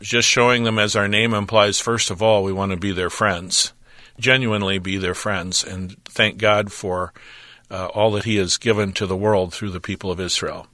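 A man with a bright, forceful, somewhat low voice talks about his teaching work in an earnest, measured way. He has a preacher's cadence and frequent thinking pauses. The sound is dry and close. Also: fairly even intonation, no room sound. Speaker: ministry representative, Bible teacher. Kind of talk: radio interview about his ministry.

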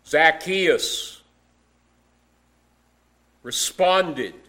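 A man preaching a sermon in a slow, measured way, with emphatic rises on key words. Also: on the high side, expressive, bright, forceful tone. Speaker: pastor.

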